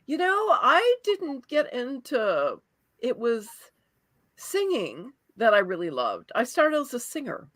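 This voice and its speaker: A woman voice actor talking casually as an interview guest, animated and quick to laugh. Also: fairly high pitch, no room sound.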